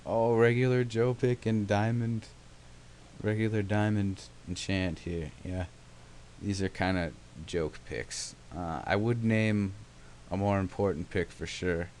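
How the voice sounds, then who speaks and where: A man's voice: on the low side, fairly even intonation, a little slow, a little mellow, a little hiss or hum. A young man casually narrating his gameplay, rambling with sarcastic, self-mocking asides. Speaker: let's play host.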